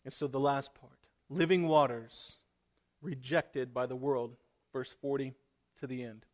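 A man's voice: mid-range voice, fairly even intonation, unhurried, darkish tone. A man preaching a sermon to his congregation, earnest and plain-spoken as he urges them on. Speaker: pastor. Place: church room with congregation.

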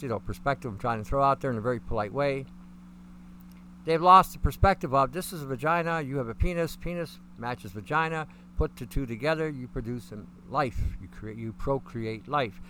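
A man's voice: mid-range voice, pushed and bright, a little hiss or hum. A middle-aged man hosting a live stream, talking in a rambling, folksy way as he answers chat questions.

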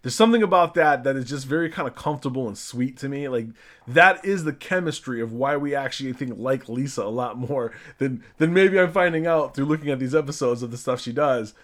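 A man's voice: medium pitch, a little fast. A man hosting a podcast, casually reviewing a show episode, chatty and a little hesitant, often restarting his sentences. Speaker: podcast host.

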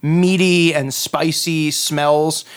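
A man's voice: a little high, flat delivery, very slow, clean tone. A man running a tabletop game as game master, describing scenes in a loose, rambling way full of fillers.

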